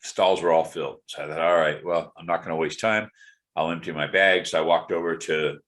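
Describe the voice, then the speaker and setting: A man's voice: extremely low pitch, steady tone, brisk, a bit bright. A middle-aged man giving a rambling, candid personal update while sounding tired and congested. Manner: rambling, candid, many fillers and restarts. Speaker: video blogger.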